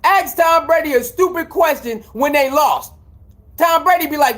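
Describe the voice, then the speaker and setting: High-pitched man ranting incredulously. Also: normal speed. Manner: heated, incredulous, swings between shouting and muttering. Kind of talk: animated ranting commentary.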